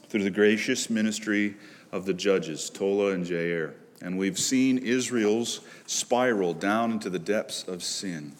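A man pastor preaching a sermon in earnest, rising to loud pleas and dropping to hushed low lines. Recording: long reverb of a large hall.

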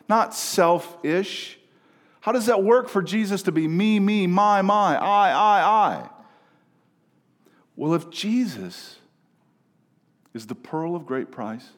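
Slow-preaching pastor in a reverberant hall. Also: male voice, fairly high pitch. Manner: emphatic preaching, swings between hushed and raised. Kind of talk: sermon. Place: church sanctuary.

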